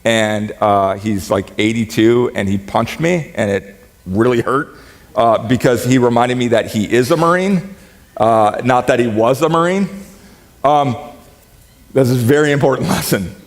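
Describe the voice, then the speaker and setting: A man preaching a sermon as pastor, in a conversational, joking way that turns animated when he quotes. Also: mid-range voice, a little slow. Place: church sanctuary. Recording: reverberant church hall.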